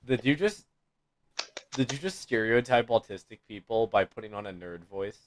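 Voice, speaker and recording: A man's voice: lowish voice, expressive, moderate pace, a little hiss or hum. A young man hosting a casual podcast with friends, rambling and giggly as he jokes around. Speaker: podcast host. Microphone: desk mic on a voice call.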